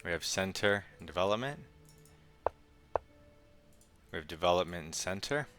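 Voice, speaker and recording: A young man giving casual, quick play-by-play of his own chess game with wry asides. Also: low-pitched, lively intonation, music in the background. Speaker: chess streamer. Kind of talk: casual live game commentary.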